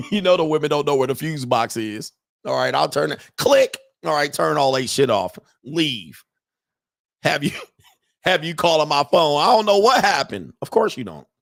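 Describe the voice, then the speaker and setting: A man's voice: a little high, creaky, dry recording, clean studio sound. Brash, profane man ranting on a livestream. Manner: brash, profane, laughs often. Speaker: host. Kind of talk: casual livestream rant.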